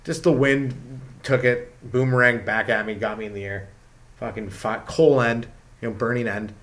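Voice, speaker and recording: A man's voice: mid-range voice, fairly even intonation, moderate pace, a bit bright. A young man from Canada, a stand-up comedian, rambling through a casual comedic rant full of swearing and "like" fillers.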